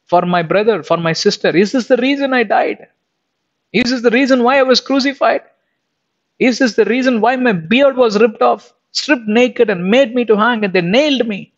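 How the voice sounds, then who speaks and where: A man's voice: extremely high pitch, normal speed, voice pushed up. A man preaching as he voices an anguished, crucified Jesus asking the same pleading question again and again. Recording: dull lo-fi recording.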